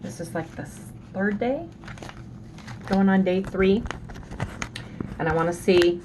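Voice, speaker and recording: A woman's voice: mid-range voice, slow pace, darkish tone, a little hiss or hum, poor audio. A middle-aged woman chatting casually and upbeat to her viewers on a phone. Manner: upbeat, talks straight to viewers. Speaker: vlogger. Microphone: handheld phone.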